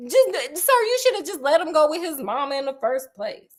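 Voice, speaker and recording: A woman with a high, bright-sounding voice retells a classic detective story in a casual, comic way. She drops sassy slang asides between the narration. The telling stays loose and chatty. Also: big pitch swings, a little fast. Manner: sassy, slangy asides, laughs at her own jokes.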